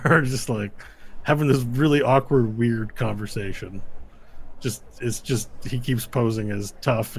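A man's voice: mid-range voice, darkish tone, slight background noise. A man narrating a tabletop game as game master, casual and rambling, laughing often.

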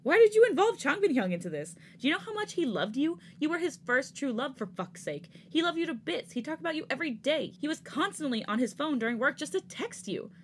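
A woman's voice: on the high side, big pitch swings, a little fast, few pauses, slight background noise, voice pushed up. A woman voicing an angry, protective young man in a fanfic reading, demanding answers and cursing. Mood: heated. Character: furious protective young man confronting a rival.

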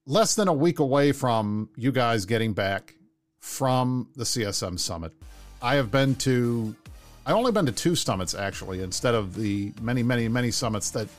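A relaxed man hosting a casual online talk show, steering the chat and handing questions to his guests. His voice sits at an ordinary middle pitch. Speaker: host.

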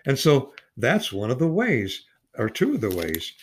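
A man's voice: mid-range voice, huge pitch swings, unhurried, breathy edge. A man in his eighties teaching an informal Bible study, earnest and rambling, stretching out key words of Scripture for emphasis. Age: 80s. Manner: rambling with restarts and repeated words.

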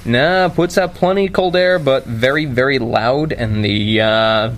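Male podcast host, mid-pitched, deadpan casual delivery, faint ambient hiss. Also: measured pace. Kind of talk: casual chat.

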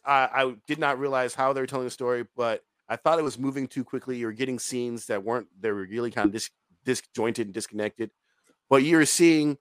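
Male podcast co-host, loose and swearing, medium pitch, dry close sound. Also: a bit bright, clear, resonant tone, no echo. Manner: rambling, profane, laughs often. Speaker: podcast co-host reviewing a film. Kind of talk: casual podcast chat.

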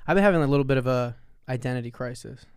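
A man's voice: mid-range voice, rapid-fire, smooth, no room sound, studio quality. Man with a New York accent. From New Jersey. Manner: animated, rambling. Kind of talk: casual chat.

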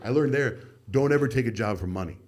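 A man's voice: mid-range voice, quick pace, darkish tone. A middle-aged man, a radio host, telling stories of his career in a casual podcast chat and acting out the people he quotes.

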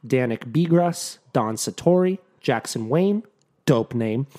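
A man's voice: mid-range voice, animated, slow pace, dark tone. A man co-hosting a podcast in casual chat, joking dryly and reading out names. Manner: dry, joking, reads lists of names. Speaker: podcast co-host.

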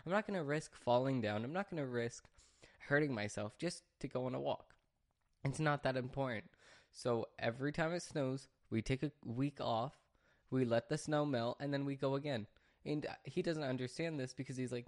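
A man's voice: mid-range voice, normal speed. A man hosting a casual solo podcast from a home studio, talking in a rambling, chatty way with restarts and sidetracks. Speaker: podcast host.

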